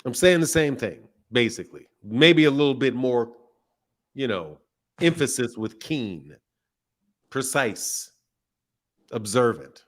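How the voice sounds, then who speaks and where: A man's voice: mid-range voice, animated, takes it slowly, long pauses. Mock-formal, teasing male stream host. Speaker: show host. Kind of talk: live-stream call-in chat.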